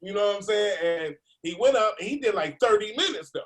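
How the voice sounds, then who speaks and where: A man, a comedian, telling an animated story over a video call, laughing and acting out the voices of other people. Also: high voice, fast talker. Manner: laughing, acts out voices in his stories. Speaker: comedian guest.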